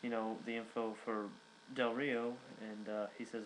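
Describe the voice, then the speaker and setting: A man's voice: medium pitch, flat delivery, normal speed, a little hiss or hum, low-quality recording. A young man giving a casual recap, rambling with many fillers and restarts. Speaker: wrestling reviewer.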